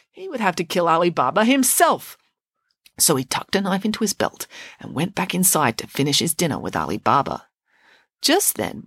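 A woman storyteller giving an expressive, animated bedtime story narration. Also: on the low side, breathy edge, dry recording, clean studio sound.

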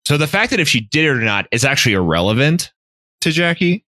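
A man's voice: fairly high pitch, very animated, fast, bright, forceful tone, no room sound. A man co-hosting a podcast, recapping a book in casual chat with lots of "like" and swearing. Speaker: podcast co-host.

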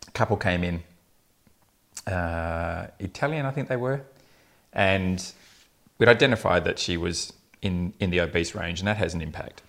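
A man's voice: low-pitched, a bit bright. A man, a fertility specialist telling blunt, funny patient stories in a casual podcast chat. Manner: anecdotal, laughing often, blunt humour.

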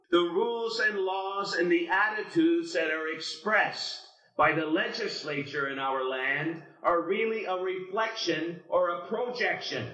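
A man preaching an evening sermon in a church, slow and deliberate, with dramatic pauses between phrases. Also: high-pitched, a bit bright. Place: church sanctuary. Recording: echoey, distant, dull church recording.

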